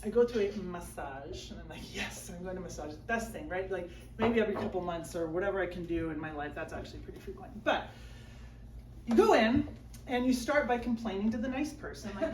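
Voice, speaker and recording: This woman speaks in a mid-range voice with lively intonation, fairly quick and darkish in tone, as she pokes fun at herself onstage by imitating her whiny inner voice at a small live comedy show. A somewhat distant mic picks her up in a roomy room with faint background noise, and the audience laughs.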